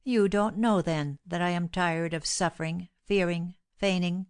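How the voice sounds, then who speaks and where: A woman's voice: on the low side, a little slow, darkish tone, smooth, lightly acted. Woman reading as a cold, scheming young wife. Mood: contemptuous. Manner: cold, insistent, contemptuous.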